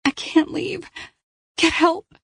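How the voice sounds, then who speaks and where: A woman's voice: extremely high pitch, steady tone, slow, creaky, no room sound, clean studio sound, voice pushed up, full character voice. A woman voicing a frightened pregnant teenage girl held captive, urgent and strained in an audiobook.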